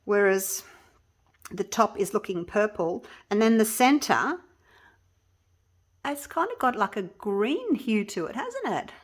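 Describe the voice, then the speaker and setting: Hosting a casual resin craft tutorial from her home workspace, a woman talks to viewers as she works, often leaving sentences unfinished and restarting. She speaks slowly and expressively at a medium pitch, with long pauses.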